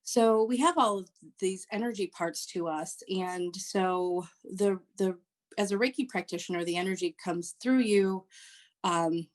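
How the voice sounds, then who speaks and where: A woman, a social worker and Reiki practitioner, explaining her work as a podcast guest in a halting way with many fillers. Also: mid-range voice. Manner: hesitant, many ums and restarts. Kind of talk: podcast interview.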